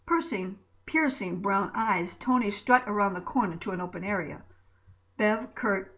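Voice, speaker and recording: A woman's voice: medium pitch, poor audio. A woman narrating a story aloud, reading with small slips and restarts.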